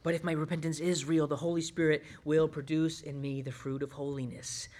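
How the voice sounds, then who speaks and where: A man preaching a sermon as pastor, earnest, swinging between urgent pleading and hushed, quiet passages. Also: a little high, flat delivery, a little fast.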